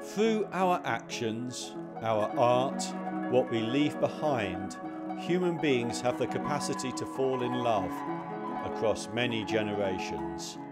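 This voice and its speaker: A man's voice: mid-range voice, lively intonation, takes it slowly. A man giving a whimsical, declamatory scripted narration. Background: music.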